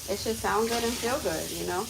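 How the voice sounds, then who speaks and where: A woman chatting casually on a livestream from her kitchen while cooking, coaching viewers step by step through a quick singing lesson in an encouraging way. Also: medium pitch, creaky, noisy background. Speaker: content creator and vocal coach.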